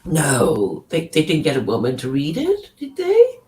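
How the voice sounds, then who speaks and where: A woman's voice: low voice, wildly swooping pitch, measured pace, a little mellow. A woman in casual chat on a stream, teasing and laughing often.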